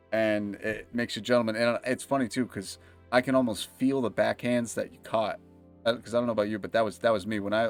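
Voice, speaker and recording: A young man livestreaming a game, telling rambling, profane stories and laughing often. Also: fairly low pitch. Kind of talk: casual chat while gaming.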